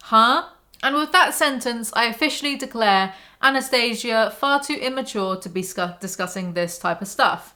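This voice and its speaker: A woman's voice: a little high, moderate pace, pushed and bright. A woman reading a book aloud and mocking it in sarcastic, exasperated commentary. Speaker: YouTuber.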